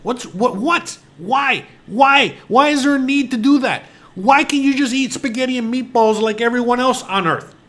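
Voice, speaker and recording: A man's voice: very high-pitched, a little fast, a bit bright. A man in his forties from the United States, hosting a casual rant to camera. He talks in an exasperated, rambling way, full of fillers and restarts. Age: 40s. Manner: exasperated, incredulous ranting. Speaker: host.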